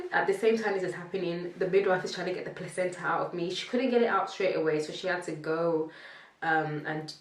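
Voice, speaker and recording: A young woman recounts a personal story in a casual, animated way, her voice pitched a little low and set back from the mic. The room around her is echoey, adding a roomy ring to each phrase. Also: brisk, recorded from a distance, slight background noise. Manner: animated, acts out quotes, laughs between lines. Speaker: vlogger telling her birth story.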